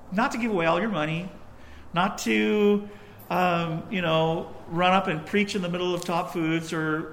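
A young adult man preaches a sermon, telling a personal story in a conversational style with little asides along the way. His voice is high, and the recording carries a little hiss or hum.

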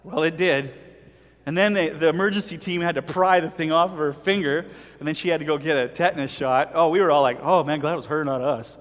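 A man preaching a sermon, animated and jokey, with dramatic swings in volume. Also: on the high side, a little fast, in a large hall.

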